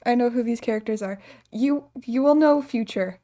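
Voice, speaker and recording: Chatty, rambling woman streamer, slightly high. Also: normal speed, dark tone. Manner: rambling, chatty, laughs a lot. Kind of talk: casual gaming livestream chat.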